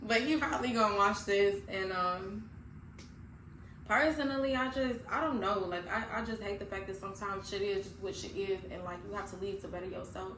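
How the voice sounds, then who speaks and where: A woman co-hosting a podcast in casual, candid chat, laughing often and getting loud when excited. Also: medium pitch, a little fast, few pauses. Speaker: podcast co-host. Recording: echoey room, mic far off, noisy.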